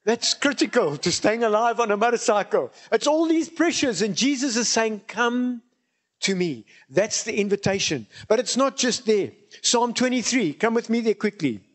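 A man preaches a sermon in a notably high voice. He speaks emphatically and drives his points home by repeating key phrases. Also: lively intonation, normal speed, hardly any pauses.

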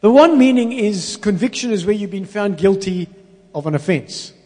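A man preaching a sermon, stressing words slowly and calling on the congregation to repeat after him. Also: sits high, expressive, darkish tone. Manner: call-and-response with congregation; emphatic, slows down to stress words. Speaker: pastor. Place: church hall. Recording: long reverb in a large hall.

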